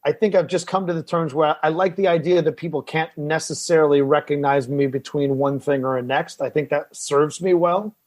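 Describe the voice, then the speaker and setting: A man's voice: a little high, a little fast, hardly any pauses, no echo. A man, an actor, chatting on a podcast and telling stories, acting out the voices of people he met. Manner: animated storyteller acting out other people's lines. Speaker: actor guest. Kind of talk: casual podcast chat.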